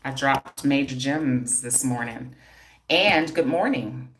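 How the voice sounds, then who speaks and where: Sassy low-voiced woman streaming live. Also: slow, fairly bright tone, reverberant, slight background noise. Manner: sassy, confrontational, streetwise banter with rhetorical questions. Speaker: holistic hair and scalp practitioner hosting a live stream. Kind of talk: livestream chat answering viewer comments.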